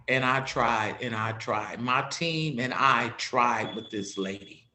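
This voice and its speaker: A woman's voice: very deep voice, slow pace, few pauses, pushed and bright. Earnest woman telling stories, roomy sound. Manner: earnest, retells talks with repeated "I said, she said". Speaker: guest sharing community outreach stories. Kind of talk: heartfelt personal storytelling. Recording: roomy echo.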